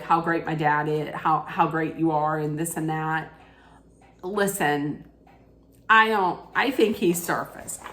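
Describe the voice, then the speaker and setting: A woman's voice: fairly low pitch, a bit bright. A woman giving a chatty, opinionated, rambling rant-style recap of a reality TV episode.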